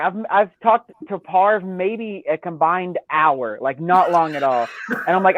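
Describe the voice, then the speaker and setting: A man's voice: high voice, normal speed, no room sound. A man guest telling a rambling, profane story in casual podcast chat. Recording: tinny phone-like line, dry.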